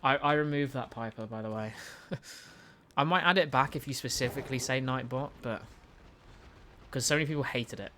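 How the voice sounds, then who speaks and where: A man's voice: medium pitch, moderate pace, pushed and bright, a little hiss or hum. A young British man with a British accent streams a game live, chatting casually, stumbling over restarts and answering his chat as he plays. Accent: British English. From United Kingdom.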